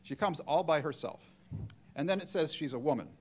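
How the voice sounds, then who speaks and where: A man's voice: a little high, brisk. A middle-aged man preaching a sermon, retelling a story and acting out the quoted voices.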